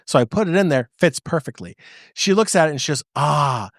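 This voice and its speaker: Animated American podcast host. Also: male voice, on the high side, fast, no echo, studio quality. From United States. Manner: animated storyteller with frequent restarts. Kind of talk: casual chat, storytelling.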